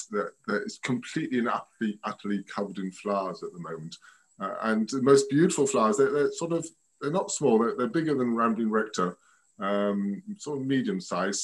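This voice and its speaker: A man's voice: fairly low pitch, poor audio. A man from France, a guest rose expert, chatting casually over a video call from home in a rambling, hesitant way. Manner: rambling, hesitant, restarts often. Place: at home by a window.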